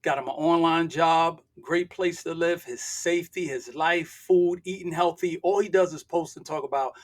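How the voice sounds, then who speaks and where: Older guy on a podcast, husky voice, kinda high, preachy and emphatic, gets loud. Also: steady tone, moderate pace. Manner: emphatic and preachy, repeats points, sometimes shouting. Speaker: podcast guest. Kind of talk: impassioned podcast talk.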